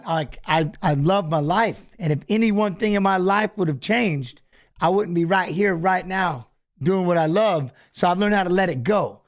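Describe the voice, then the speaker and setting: A middle-aged man, a retired fighter co-hosting a casual watch-along, telling stories animatedly and repeating phrases. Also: high-pitched.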